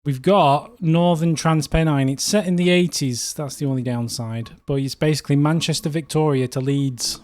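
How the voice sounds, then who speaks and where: Man, from the UK, livestream host, casual rambling chat, slightly high voice. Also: steady tone, moderate pace, few pauses, a little mellow. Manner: rambling, chatty, frequent fillers.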